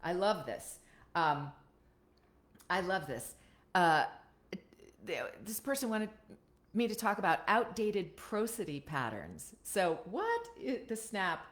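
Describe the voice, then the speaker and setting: This American woman's voice sits in the mid-range, swinging widely in pitch as she talks slowly with long pauses. She's coaching voiceover casually over a webcam live stream, chatty and often tagging on "right?" to check in.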